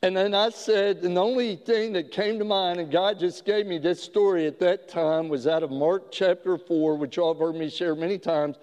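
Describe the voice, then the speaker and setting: A man preaching a sermon as a pastor, telling a story slowly with frequent halting restarts. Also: high voice, fairly even intonation, darkish tone, clear, resonant tone. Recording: long hall reverb.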